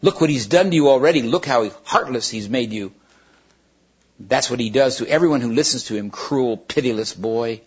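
A man's voice: mid-range voice, moderate pace, breathy edge, lo-fi sound, lightly acted. A man voicing a sinister female witch who tempts a boy with sweet, coaxing talk. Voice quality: wheedling and coaxing.

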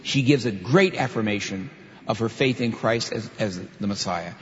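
A man's voice: fairly low pitch, moderate pace. A man preaching a sermon, reading a scripture passage aloud and then explaining it with emphatic asides. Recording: muffled sound with long hall reverb.

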